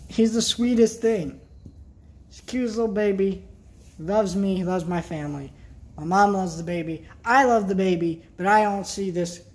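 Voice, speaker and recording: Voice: medium pitch, normal speed, darkish tone. Upset vlogger ranting bluntly. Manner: worked up, blunt, swears, trails off into sighs. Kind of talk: casual vlog rant to camera.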